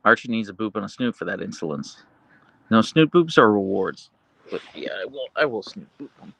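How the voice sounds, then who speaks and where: A man hosting a casual livestream, reading viewer comments aloud and chatting about his dogs, slipping into a high cooing voice for his pet. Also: big pitch swings, brisk, vocal fry, fairly bright tone, no room sound. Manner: goes high and cooing when talking to his dog. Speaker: livestream host.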